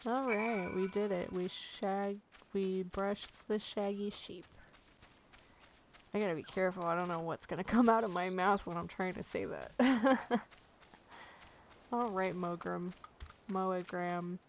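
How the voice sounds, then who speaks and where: A woman's voice: lowish voice, normal speed, a little hiss or hum. A woman hosting a casual let's play, joking and laughing at the game's dialogue. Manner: giggly, jokey, reacts to game dialogue. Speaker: gaming channel host.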